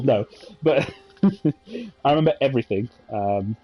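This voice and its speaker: A man's voice: medium pitch, sing-song, moderate pace, dark tone, breathy edge. A man, chatting casually and reminiscing over gameplay with many fillers and asides. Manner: rambling, nostalgic storytelling with many fillers. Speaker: gaming channel host.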